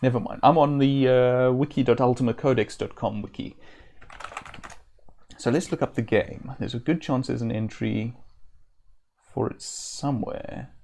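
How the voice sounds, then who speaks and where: Gravelly man musing over a game. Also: mid-range voice, steady tone, normal speed, long pauses, darkish tone, slight background noise. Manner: casual, thinking aloud, hesitant fillers. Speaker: streamer. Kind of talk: live-stream gameplay commentary.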